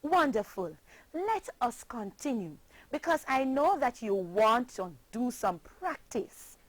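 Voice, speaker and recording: Slow, sing-song Jamaican woman teacher. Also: a little high, big pitch swings, no room sound, poor audio. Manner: slow, sing-song chanting with patient spelling out. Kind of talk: children's pronunciation lesson.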